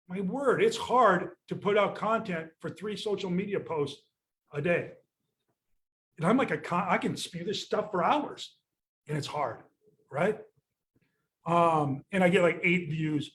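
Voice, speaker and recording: Older guy ranting about sales, blunt and cranky, kinda high-pitched, cusses a lot. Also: moderate pace, fairly bright tone. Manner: blunt, exasperated, swears casually. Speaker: real estate sales coach. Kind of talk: candid podcast rant.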